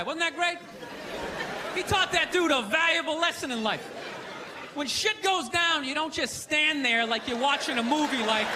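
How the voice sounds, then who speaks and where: A man doing a stand-up comedy set on a theater stage, ranting loudly and shouting his punchlines. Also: very high voice. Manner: loud, ranting, shouting punchlines and acting out characters. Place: theater stage before a live audience. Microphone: handheld stage mic. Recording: live stage recording with crowd laughter and noise.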